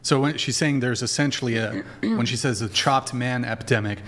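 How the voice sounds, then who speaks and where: Brisk male podcast host. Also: mid-range voice, fairly bright tone. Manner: directs the crew, quick and brisk. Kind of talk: casual podcast chat.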